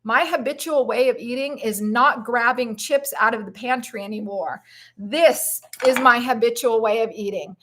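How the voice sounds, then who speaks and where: A woman's voice: on the high side, moderate pace, fairly bright tone. A woman hosting a live stream on plant-based eating, talking in an effusive, encouraging and emotional way. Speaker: plant-based lifestyle vlogger. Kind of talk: live-stream motivational chat.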